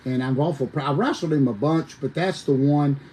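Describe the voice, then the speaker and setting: A man, a former wrestler telling lively, folksy stories as a podcast guest, talking straight to his listeners. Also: fairly high pitch, normal speed, low-quality recording. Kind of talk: animated storytelling on a podcast.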